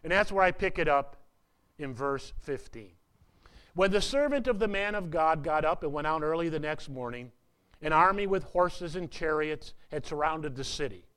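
A man preaching a sermon as a pastor, retelling a scripture story, swinging between loud outbursts and hushed, quiet lines. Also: on the high side, lively intonation, normal speed, smooth.

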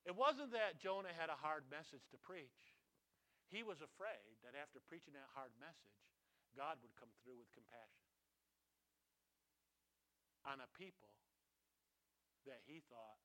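A man preaching a sermon, asking his congregation questions, his voice rising loud and dropping low. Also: expressive, measured pace, pauses often. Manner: swings from loud to hushed, asks the congregation. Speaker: pastor.

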